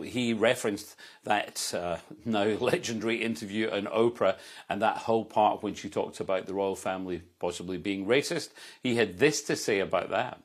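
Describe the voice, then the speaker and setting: A man presenting a segment in a conversational way. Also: fairly low pitch.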